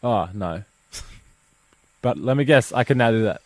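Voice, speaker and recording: A man co-hosting a breakfast radio show, teasing in a deadpan, unexcited way. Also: mid-range voice, normal speed, no echo.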